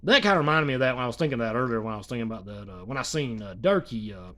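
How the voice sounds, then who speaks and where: A man's voice: mid-range voice, animated, racing, fairly bright tone. A man rambling in casual reaction commentary, swearing and full of fillers.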